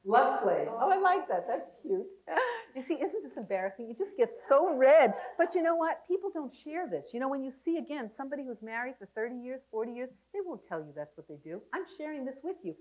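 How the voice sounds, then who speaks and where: Woman, higher voice, relationship class teacher, animated, laughing, 1990s VHS seminar tape. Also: brisk, low-quality recording. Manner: animated, laughing, coaxing the audience. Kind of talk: seminar talk to a live class.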